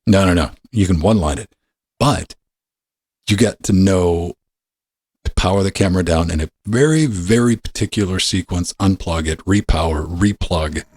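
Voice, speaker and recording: A man's voice: deep voice, moderate pace, darkish tone, husky, no echo. A man hosting a podcast in casual, profane, wisecracking chat on a studio microphone. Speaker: podcast host.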